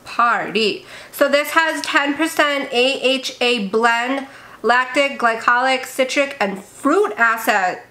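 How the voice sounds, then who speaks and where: A young woman vlogging casually as she unboxes beauty products, gushing and gasping with excitement. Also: high voice, takes it slowly. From India. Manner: gushing, excitable, gasps often.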